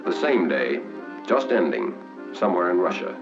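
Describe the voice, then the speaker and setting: Man, 1940s documentary narrator, lively delivery, measured and formal, old muffled film sound with music. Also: low voice, gravelly. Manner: formal, measured, dramatic pauses.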